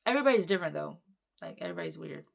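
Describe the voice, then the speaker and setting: A woman's voice: fairly low pitch, lively intonation, racing, gravelly. A young adult woman hosting her own vlog, talking casually and bluntly, swearing freely, rambling and sometimes dropping to a whisper. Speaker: channel host.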